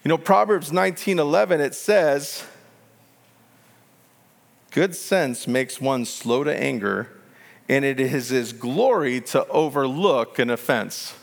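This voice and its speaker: A man preaching a sermon as pastor, animated and acting out quoted voices, in a church sanctuary. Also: mid-range voice, slow, vocal fry, big-room sound. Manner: animated, acts out quoted voices, laughs at own jokes.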